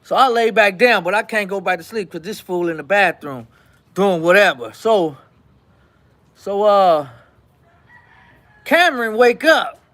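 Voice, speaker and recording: A man hosting his show, telling a story in casual, animated fashion, acting out quotes and repeating lines for effect. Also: sits high, normal speed.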